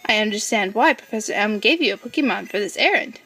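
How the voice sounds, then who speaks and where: A woman's voice: mid-range voice, lively intonation, fast, sharp tone, slightly rough, recorded from a distance, faint music behind, exaggerated voice. A woman voicing a friendly older male professor while playing a game, reading his lines cheerfully.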